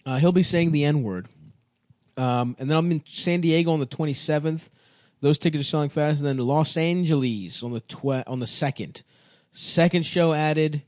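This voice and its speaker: A man's voice: fairly high pitch, moderate pace, a little mellow, dry recording, clean studio sound. A man hosting a comedy podcast, crude and joking as he rattles off his tour dates. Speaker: podcast host and touring comedian. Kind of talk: casual comedy podcast banter.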